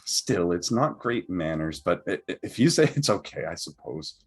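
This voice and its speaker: A man voicing an exasperated mother bear in a high, prim, scolding voice. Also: sing-song, normal speed, breathy edge, no room sound, studio quality, faint music behind, exaggerated voice. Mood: grudging.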